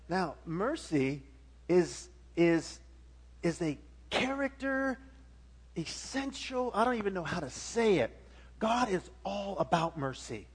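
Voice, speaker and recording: A man's voice: sits high, lively intonation, unhurried, breathy edge. A middle-aged man preaching a sermon as pastor, emphatic with frequent restarts and swelling volume.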